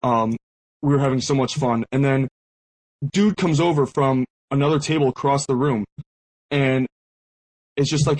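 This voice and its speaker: A young male podcast host with a medium-pitched, darkish voice speaks at normal speed with long pauses, on poor audio. He rambles through a casual anecdote, leaning heavily on "like" and restarting often.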